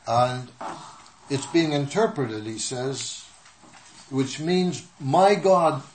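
A man preaching a sermon in short measured phrases, pausing so an interpreter can follow. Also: medium pitch, lively intonation. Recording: echoey room with faint noise.

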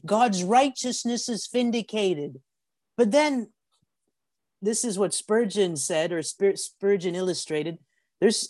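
A man preaching a sermon on a video call, telling stories with animated acted-out voices and often stumbling over repeated words. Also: high voice, no echo. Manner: animated storytelling, acts out voices.

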